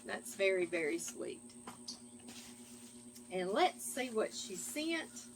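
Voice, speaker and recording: A middle-aged woman who hosts a cooking channel reads viewer mail in a casual chat, speaking slowly in a medium voice with big pitch swings. She's chatty and affectionate, often calling listeners "girl" and "y'all," with slight background noise.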